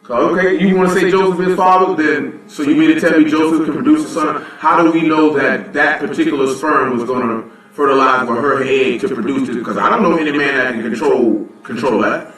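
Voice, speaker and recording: Heard from afar in a very echoey room, this assembly teacher gives blunt, casual Bible lessons, often tossing in "you know what I'm saying." His voice is a little high, fairly bright, and brisk.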